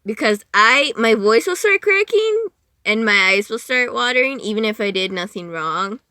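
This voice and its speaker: A young woman with a bright, fairly high voice rambles through casual chat as a podcast guest. She giggles, restarts and interrupts herself as she goes. The recording is dry and close. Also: expressive, normal speed, no room sound.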